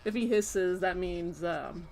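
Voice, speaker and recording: A young woman streaming live, chatting casually and rambling with lots of fillers, breaking off to scold her pet with sharp repeated commands. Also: on the low side, slow pace.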